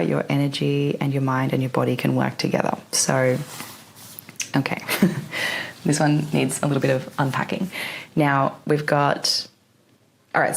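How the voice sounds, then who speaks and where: A woman's voice: deep voice, vocal fry. A woman talking casually to camera about spiritual matters, laughing often, swearing lightly, and acting out her own remarks. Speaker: spiritual vlogger.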